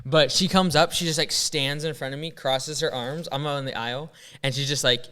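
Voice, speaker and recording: A man co-hosting a podcast, talking in a laid-back casual way and laughing easily. His voice sits a bit higher than most men's and sounds smooth and clear. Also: steady tone, normal speed, pushed and bright. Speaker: podcast co-host. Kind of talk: casual chat.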